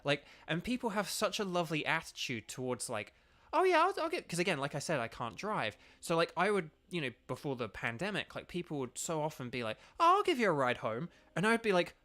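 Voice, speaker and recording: A man's voice: on the high side, big pitch swings, brisk, hardly any pauses, pushed and bright. A young man chatting casually with his stream viewers while playing a game, rambling with lots of fillers. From United Kingdom. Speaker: gaming streamer.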